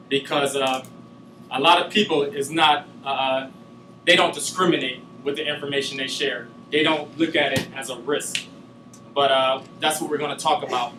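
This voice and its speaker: A man's voice: on the high side, echoey room, distant mic, background noise. A man giving a class presentation, talking loosely with many filler sounds. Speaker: student giving a class speech.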